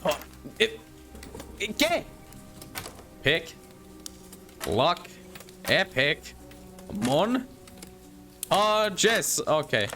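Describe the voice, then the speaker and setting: A man's voice: on the high side, big pitch swings, drawn-out words, long pauses, sharp tone, soft background music. A man playing a game and commenting, laughing and swearing a lot. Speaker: gamer. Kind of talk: let's-play commentary.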